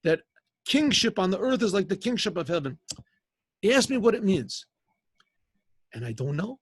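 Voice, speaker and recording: A male rabbi tells a story in a relaxed, halting way, often repeating words and adding asides. His voice sits high with a husky edge. He is heard dry and close over a video-call mic. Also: dry recording. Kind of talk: informal oral storytelling.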